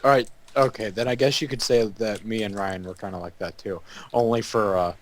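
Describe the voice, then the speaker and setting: A man's voice: lowish voice, steady tone, fairly quick, a little hiss or hum. A young man co-hosting a casual podcast chat, rambling through stories and snapping back playfully. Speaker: podcast co-host.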